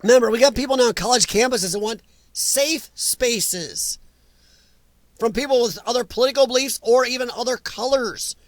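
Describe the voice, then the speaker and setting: A man's voice: very high-pitched, moderate pace, no echo. A man hosting a casual live stream, ranting bluntly with strong opinions while reading viewer comments.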